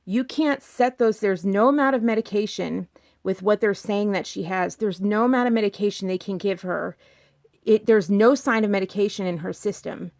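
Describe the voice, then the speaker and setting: A woman vlogger talking in casual commentary, repeating her points and firing off rhetorical questions, her pitch jumping up when she gets emphatic. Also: a little mellow. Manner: insistent, repeats herself, fires rhetorical questions.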